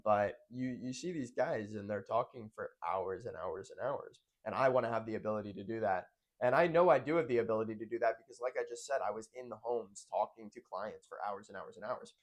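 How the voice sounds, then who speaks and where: Young guy rambling through a weekly check-in video, restarts a lot. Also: mid-range voice. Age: young adult. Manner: rambling, self-correcting. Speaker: vlogger. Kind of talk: casual monologue check-in.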